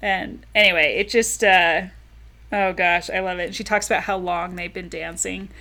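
A woman's voice: on the low side, normal speed. A woman co-hosting a casual book discussion podcast, talking loosely with friends and laughing often. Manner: reads quoted passages aloud with lively emphasis. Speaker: podcast co-host.

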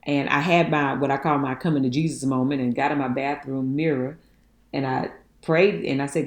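Low-voiced woman telling stories. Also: moderate pace. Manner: folksy, animated, laughing often, endearments like honey and child. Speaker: guest. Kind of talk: storytelling interview. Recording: echoey room.

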